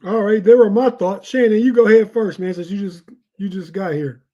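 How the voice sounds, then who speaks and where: A man hosting a sports podcast, briskly handing the floor to his co-hosts. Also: sits high, mellow. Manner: brisk, passing the turn. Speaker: podcast host. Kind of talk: moderating sports talk. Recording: dull lo-fi sound.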